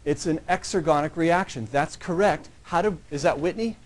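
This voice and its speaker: A man with a somewhat high voice teaches a college science class. He talks casually and keeps checking in with his students. He sometimes drifts away from the microphone as he moves around the room. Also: normal speed. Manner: checks in constantly with "yeah?" and "right?"; conversational, joking with students. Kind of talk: classroom lecture.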